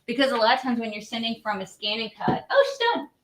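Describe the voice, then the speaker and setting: A woman's voice: a little high, steady tone, quick pace, fairly bright tone, a little hiss or hum. A woman hosting a live craft demo, chatty and bubbly, laughing often as she reads viewer comments.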